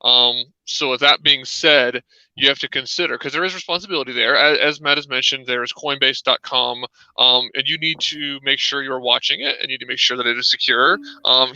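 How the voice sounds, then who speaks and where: Over a video call, a livestream co-host chats loosely, leaning on "um" fillers while putting questions to his partner. His mid-range voice is sharp and clean, there's no room sound, and the recording comes across muffled.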